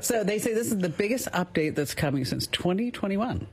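A woman's voice: mid-range voice, animated, a little fast, husky. A woman hosting a tech show, chatting eagerly and laughing often. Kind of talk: casual chat.

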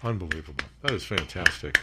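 A man hosting a talk radio show in a studio, animated and joking, laughing easily. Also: sits low, quick pace, a little hiss or hum. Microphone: studio mic.

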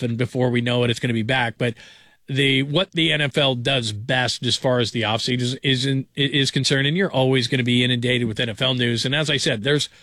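A man's voice: medium pitch, fairly bright tone, no room sound. Male sports talk host, mid-range voice, dry and close, rambling chatty delivery. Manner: rambling, conversational, chuckling asides. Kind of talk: late-night sports radio talk. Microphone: studio broadcast mic.

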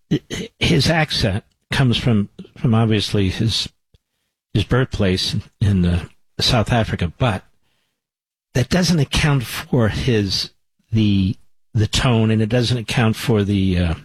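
A man's voice: mid-range voice, breathy edge, dry recording, poor audio. A man hosting talk radio, delivering emphatic, indignant commentary into a studio microphone. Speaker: radio host.

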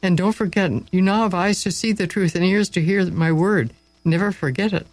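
A man voicing a kind male master of a pasture in a spoken story, speaking calmly and gently. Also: high-pitched, fairly quick, no room sound, voice pushed up, poor audio. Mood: gentle.

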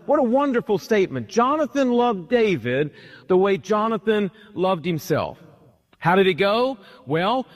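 High-voiced man preaching a sermon. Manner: paraphrases scripture in casual modern speech; acts out the characters' lines. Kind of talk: sermon, retelling a Bible story.

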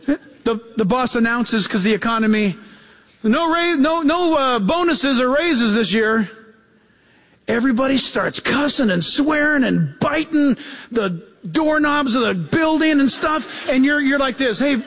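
A man preaching a sermon as pastor, telling stories in an animated way and acting out the quotes, repeating key phrases for emphasis. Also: a little slow, in a large hall. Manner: animated storytelling, acts out quotes with jumps in pitch.

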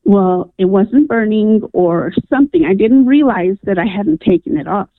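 A woman's voice: medium pitch, expressive, normal speed, slight background noise. A woman calling in to a radio show and earnestly telling a personal story, with lots of "um" and "I'm like.". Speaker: radio caller. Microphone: telephone. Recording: tinny phone line, dry.

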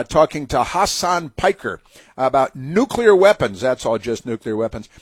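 A talk-radio man with a husky, slightly rough voice, recorded close and dry with no room sound. He rants in a sarcastic, mocking way, stumbling through restarts and filler words as he goes. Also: medium pitch, no echo. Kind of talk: opinionated talk radio monologue.

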